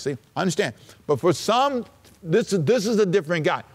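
A man preaching a sermon, slowing to read scripture and rising sharply in pitch for emphasis. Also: sing-song, gravelly, husky, long reverb tail. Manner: preaching with dramatic pauses and sudden rises in pitch; slows down to read scripture aloud. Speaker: pastor.

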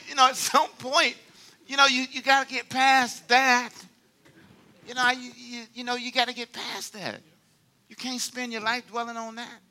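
A man preaching a sermon as pastor, playful and animated, drawing the congregation into call-and-response. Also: very high-pitched.

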